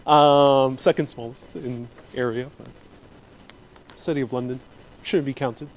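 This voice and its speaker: Unhurried and fairly even in intonation, a medium-pitched man leads a live walking-tour vlog through city streets. As a travel vlogger host, he chats and jokes while addressing his viewers directly.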